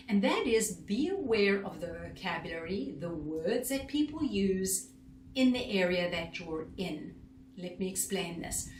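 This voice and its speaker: A woman's voice: on the low side, slight background noise. A woman speech coach giving an instructional talk to camera, emphatic and full of rhetorical questions. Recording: roomy echo.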